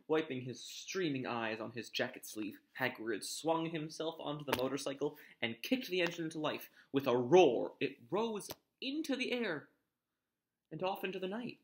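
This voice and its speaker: Man reading a storybook aloud, animated. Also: on the high side, normal speed. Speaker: reader. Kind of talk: storybook read-aloud narration.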